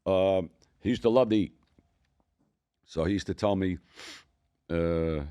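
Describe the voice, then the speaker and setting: A man's voice: low-pitched, a little slow, pauses often. An older man with a Philadelphia accent, telling rambling, profane stories as a podcast co-host. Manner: profane, rambling, animated storytelling. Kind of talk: casual storytelling.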